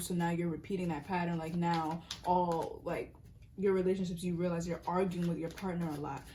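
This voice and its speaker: A young woman with a fairly low voice talks through a tarot reading in a loose, rambling way. She circles back on her points and keeps cutting herself off. A faint hiss sits under her close, homemade recording. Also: darkish tone. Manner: rambling, earnest, self-interrupting, sometimes laughing or dropping to a whisper. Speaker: tarot reader. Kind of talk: casual spoken tarot reading.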